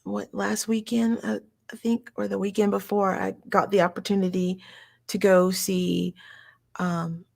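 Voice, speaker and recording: A woman hosts a relaxed interview and tells her stories with lively expression. Her voice has a gravelly edge. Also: mid-range voice, unhurried. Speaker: show host. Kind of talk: casual interview chat.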